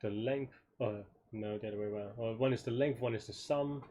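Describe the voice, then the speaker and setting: Tired man thinking aloud, halting. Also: lowish voice, warm tone. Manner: halting, self-questioning, many restarts and trailing off. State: tired, yawning. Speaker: programmer solving a coding problem live. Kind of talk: thinking aloud while problem solving.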